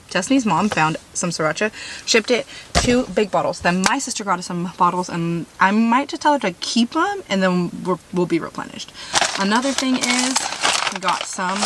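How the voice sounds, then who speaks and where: A woman vlogging about van life in casual chat, bubbly and gushing, rambling with fillers. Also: medium pitch. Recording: noisy handheld recording.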